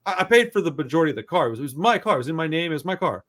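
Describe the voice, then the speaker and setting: A man hosting a podcast, telling a long story in a loose, profane, animated way. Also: on the high side, rapid-fire. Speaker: podcast host. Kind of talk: casual storytelling chat.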